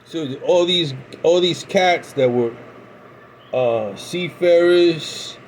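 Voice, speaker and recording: A middle-aged American man casually telling a rambling story about his past, halting and restarting often. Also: fairly high pitch, a little hiss or hum, low-quality recording. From United States. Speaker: pipe-smoking vlogger.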